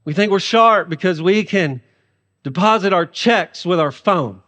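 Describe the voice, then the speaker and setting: A man pastor preaching a sermon in a humorous, animated manner. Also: high voice, a little slow, big-room sound.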